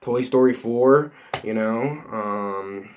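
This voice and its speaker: A man's voice: mid-range voice, slow, darkish tone, slight background noise. Rambling, chatty man talking to viewers. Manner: rambling, many fillers and restarts, lots of "you know" and "like". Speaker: entertainment news vlogger. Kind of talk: casual unscripted chat to viewers.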